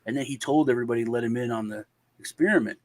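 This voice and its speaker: This mid-range male voice races along with no room sound. He's a guest on a casual panel show telling a long, lively story and acting out the people in it, quoted voices and all.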